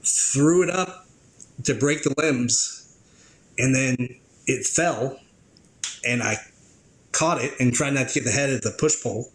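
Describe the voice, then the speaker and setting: A man who works as a drone operator, appearing as a podcast guest and telling stories in a casual, animated way, acting out how other people reacted. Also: medium pitch, measured pace, long pauses, poor audio. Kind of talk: casual interview storytelling.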